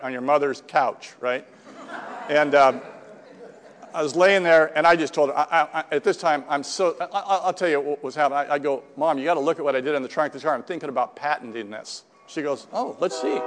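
A middle-aged man telling a rambling, self-mocking personal recovery story to a group, acting out the dialogue as he goes. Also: on the high side. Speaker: speaker sharing a recovery story. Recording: long hall reverb.

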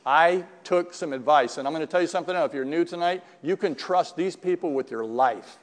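Older man telling his story in an echoey hall. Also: fairly high pitch. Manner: conversational storytelling, frequent "right?" asides. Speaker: recovery meeting speaker. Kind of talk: personal testimony at a meeting. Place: meeting room.

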